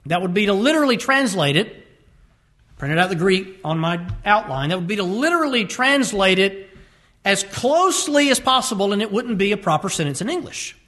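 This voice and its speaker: High-voiced emphatic male preacher. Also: big pitch swings, normal speed, sharp tone. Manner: emphatic, varies pace to stress words. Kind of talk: sermon.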